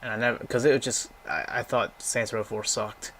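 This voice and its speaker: A man's voice: medium pitch, fairly even intonation, normal speed, a bit bright. A young man casually rambling through a game library, giving blunt, profane opinions and going off on tangents. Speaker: gaming vlogger.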